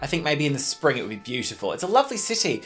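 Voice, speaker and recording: Very animated teasing camp man. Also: fairly high pitch, very fast, soft background music. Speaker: co-host. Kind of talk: casual comedic chat.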